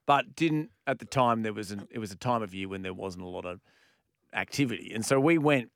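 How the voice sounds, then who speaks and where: A man's voice: on the low side, a little fast, gravelly, no room sound, clean studio sound. An Australian man co-hosting a radio show, telling stories in casual banter and laughing often. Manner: animated storyteller, laughs often. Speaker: radio co-host.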